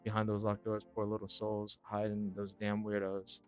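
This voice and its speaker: A man's voice: lowish voice, completely flat delivery, moderate pace, soft background music, close to an everyday voice. A man voicing a folksy, nosy southern matriarch in a game with a put-on American Southern drawl. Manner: drawling, syrupy, calls people darling.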